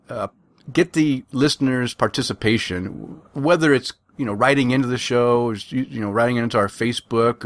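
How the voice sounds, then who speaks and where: A man hosting a casual podcast chat, talking in a loose, rambling way and circling back on his words. His voice sits at an ordinary middle pitch, recorded dry and close with no room sound. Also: a bit bright, dry recording. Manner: chatty, rambling with restarts. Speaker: podcast host.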